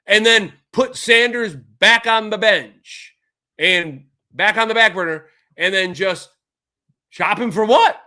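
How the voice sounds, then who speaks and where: A man hosts a live sports talk stream, his voice bright and a little high. He rants animatedly and drips with sarcasm, talking straight into a streaming mic. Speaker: sports talk show host. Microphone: streaming setup mic.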